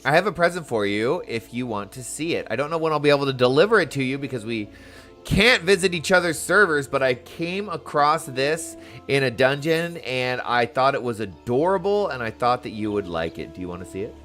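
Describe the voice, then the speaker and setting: A chatty male game streamer with a lively, bouncing pitch that swings up when he gets excited. He talks casually to his viewers and reads game lines in playful put-on voices, with faint music under him. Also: brisk. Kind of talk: casual gameplay commentary.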